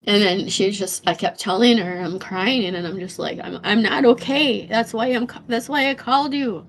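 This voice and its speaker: A woman livestreaming an emotional rant. Her voice is tearful, shaky and a bit hoarse, and she stammers, repeats herself and swears bluntly. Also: medium pitch, moderate pace. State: hoarse from losing voice. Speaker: livestream host.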